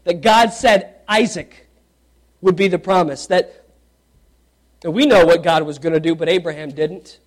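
A man preaching a sermon, reading scripture aloud and questioning his congregation, swinging from loud animated questions to hushed emphasis. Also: sits high, a little slow, pauses often.

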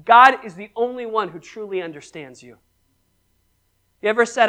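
Speaking at medium pitch and a normal pace, this preacher questions his congregation during the sermon and asks them for amens. His delivery alternates between booming exhortation and hushed stress.

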